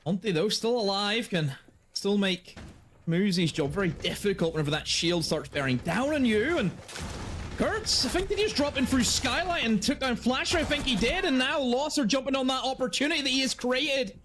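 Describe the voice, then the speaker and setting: A high-pitched man calls an esports match live, rising with excitement on every big play. His commentary runs fast and animated over a faint hiss of background noise.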